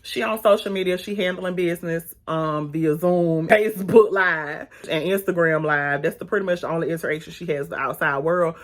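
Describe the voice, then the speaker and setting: A woman reviewing a TV episode in a casual, animated, sassy way, talking straight to her viewers. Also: lowish voice, a little fast, hardly any pauses. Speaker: YouTube reviewer.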